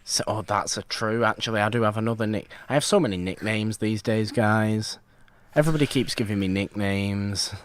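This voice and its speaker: A man's voice: on the low side, normal speed, a little hiss or hum. A man co-hosting a podcast in casual chat, rambling and self-mocking with old-fashioned phrasing. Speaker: podcast co-host.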